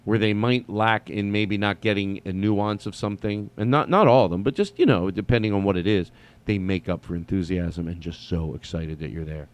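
A man with a lowish voice, speaking fairly quickly, tells a story casually as a comedian host. He rambles, restarts often, and swears now and then.

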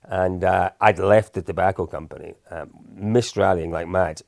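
A man in his fifties tells a story on a podcast in a low voice with a gravelly edge. He is chatty and pokes fun at himself as he goes. The sound is dry and close, with no room echo. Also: fairly even intonation, normal speed, darkish tone. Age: 50s. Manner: chatty and self-deprecating, with frequent restarts. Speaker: podcast co-host. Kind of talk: anecdotal storytelling, casual chat.

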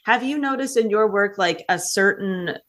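A woman's voice: mid-range voice, normal speed. Casual woman podcast co-host. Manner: casual, filler-heavy questions. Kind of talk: casual interview questions.

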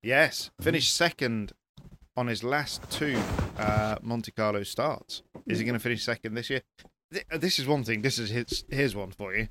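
A man talking rally as a pundit in casual panel chat, animated and repeating words as he presses his points. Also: mid-range voice, normal speed, noisy background.

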